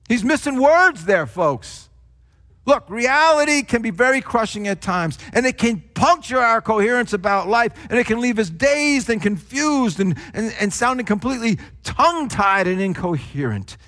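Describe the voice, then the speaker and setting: High-voiced older preacher, emphatic swings. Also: male voice, big pitch swings, normal speed. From New Jersey. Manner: emphatic, swings between hushed drops and raised stresses. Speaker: pastor. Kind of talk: sermon.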